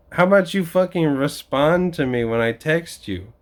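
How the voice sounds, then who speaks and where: A young man in a profane vlog rant, swearing constantly and laughing between complaints. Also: a little high. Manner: mimics other people in quoted voices. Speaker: vlogger. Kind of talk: profane ranting monologue.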